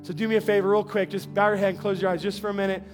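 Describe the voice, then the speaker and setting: High-voiced guy preaching, chatty, keeps repeating himself, soft music behind. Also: little pitch movement. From New Mexico. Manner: conversational, repeats words, shifts to slow earnest tone. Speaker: pastor. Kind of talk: sermon.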